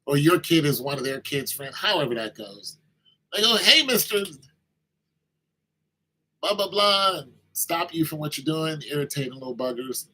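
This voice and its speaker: A man's voice: mid-range voice, brisk, a bit bright, low-quality recording. A man giving an informal sermon-style talk, conversational, acting out little exchanges with kids in raised voices.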